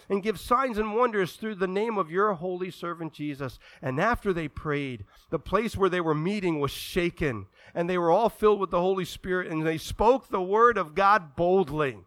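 A man preaching a sermon with a bright, ringing tone that carries well. He swings from hushed, low asides to loud, fervent calls, acting out the voices of people in the stories he tells. The sound is dry and close, with almost no room echo. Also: animated, moderate pace. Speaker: pastor.

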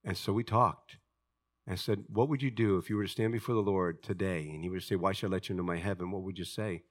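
A man preaching a sermon, swinging from loud, high outbursts to hushed, low passages and acting out the voices of people in his stories. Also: fairly even intonation, fast. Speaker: pastor.

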